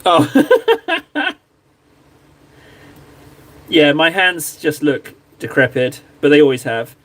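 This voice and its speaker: A man from southwest England with a southern English accent, hosting a live stream and chatting casually, excitable and quick to interrupt himself. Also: a little high. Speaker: live-stream host painting miniatures.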